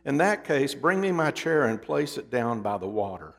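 A preacher voicing a wise old king who gives measured, stern commands, heard with a long hall reverb. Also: mid-range voice, big pitch swings, gravelly. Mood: wry. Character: wise, weary old king scolding the sea.

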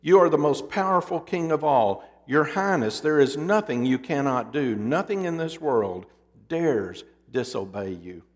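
A man's voice: medium pitch, animated, slow pace. A preacher voicing fawning royal courtiers who heap gushing praise on their king, heard with a long hall reverb.

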